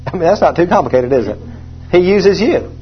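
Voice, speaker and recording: A man preaching a sermon, emphatic and repetitive, rising to loud proclamations when he reads scripture. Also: high voice, animated, fairly quick, faint music behind. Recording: dull lo-fi sound.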